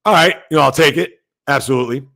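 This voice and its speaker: A man hosting a sports talk livestream at home, speaking loudly and emphatically, rambling conversationally and answering viewer comments. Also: a little high, quick pace, creaky. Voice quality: loud, emphatic delivery. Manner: rambling, conversational, talks back to chat.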